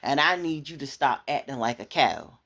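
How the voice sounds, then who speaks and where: A woman preaching a motivational sermon, speaking straight to the listener in a conversational way and building to loud, fervent passages. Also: extremely low pitch, big pitch swings, moderate pace. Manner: impassioned, rising to loud fervor; conversational, addressing listener directly.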